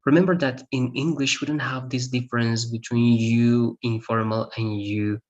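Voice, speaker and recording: A man's voice: mid-range voice, steady tone, normal speed, darkish tone, muffled recording. Male English teacher, Spanish native speaker, patient step-by-step explainer, mid-range voice. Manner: explains step by step, checks in with "right?" often. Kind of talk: online grammar lesson.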